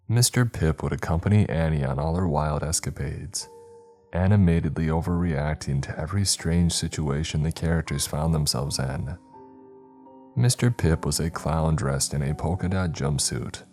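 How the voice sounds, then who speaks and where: A man with an extremely low, dark voice narrates a first-person horror story. He tells it slowly and deliberately. Soft music runs faintly behind him.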